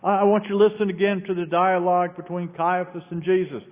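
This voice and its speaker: A male pastor preaching a sermon, telling a story and shifting between raised bursts and quiet low passages. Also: level tone, fast talker. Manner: storytelling with sudden raised quoted shouts and quiet drops. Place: large church sanctuary. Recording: echoey hall on a tinny phone-like line.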